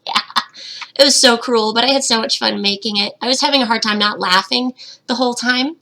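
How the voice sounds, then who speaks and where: A woman's voice: on the high side, a little fast, pushed and bright, slight background noise. A young woman hosting a casual livestream Q&A, reading chat comments aloud and giggling, her voice slightly cracking, into a webcam at home. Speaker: fish-keeping channel host, betta breeder.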